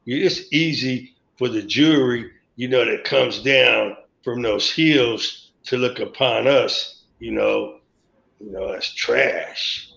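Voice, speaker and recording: A man with a gravelly voice tells a long, winding story on a live stream and acts out the words of everyone in it. His pitch sits in an average range. The sound is dull and lo-fi, with a roomy echo around it. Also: takes it slowly, a bit bright. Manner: rambling, acts out quoted dialogue. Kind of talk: storytelling memories. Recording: echoey, dull lo-fi stream audio.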